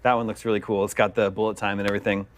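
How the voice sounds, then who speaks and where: A man's voice: fairly low pitch, flat delivery, racing. A man speaking as a veteran panel guest on a gaming show, enthusiastic and thoughtful. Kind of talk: casual panel chat.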